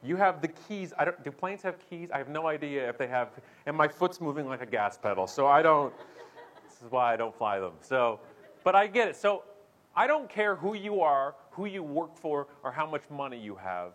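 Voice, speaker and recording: Animated man telling stories. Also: on the high side, normal speed. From Canada. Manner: animated, acts out voices with big swings. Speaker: keynote speaker and show host. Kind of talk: humorous storytelling talk.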